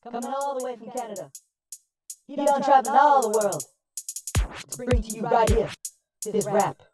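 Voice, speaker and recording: A man voicing a hyped-up announcer who introduces a rap intro with a drawn-out announcing manner, in a comedy sketch intro. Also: very high-pitched, soft background music, pitched above the performer's own voice. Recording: distant voice over loud beat. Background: electronic hip hop beat.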